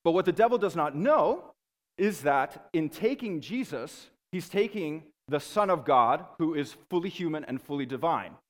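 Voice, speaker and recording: A man giving a classroom lecture to students in a lively, conversational way, often checking in with his listeners. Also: a little high, moderate pace, big-room sound.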